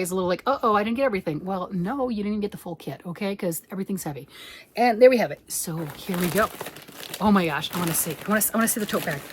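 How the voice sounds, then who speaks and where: A woman chatting casually as she unboxes a yarn kit, excitable and rambling, with sudden whispered asides. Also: medium pitch, slight background noise. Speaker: crochet vlogger.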